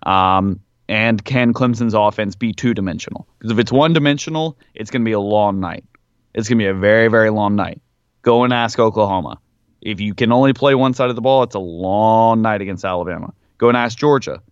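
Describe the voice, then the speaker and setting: A man's voice: fairly low pitch, fairly quick, smooth, no room sound, muffled recording. A man co-hosting a casual sports podcast, rambling through his points with lots of fillers and a bit of argumentative edge. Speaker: podcast co-host.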